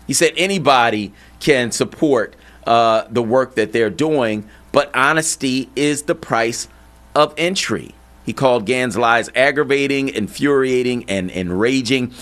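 A male radio talk show host delivering a monologue, animated and incredulous, firing off rhetorical questions. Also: mid-range voice.

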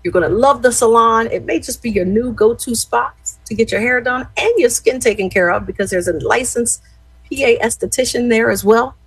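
A middle-aged woman hosting radio in a chatty, animated way, talking straight to her listeners. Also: a little high, fairly quick, husky, no room sound, rough recording. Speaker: radio host. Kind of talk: casual radio chat and shout-outs.

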